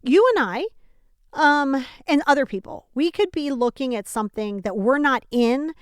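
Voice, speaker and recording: Animated woman podcast host, dry sound. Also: sits high, normal speed, clean tone, no room sound. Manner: animated, emphatic, talks straight to the listener with rhetorical questions. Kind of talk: casual self-help talk. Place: home.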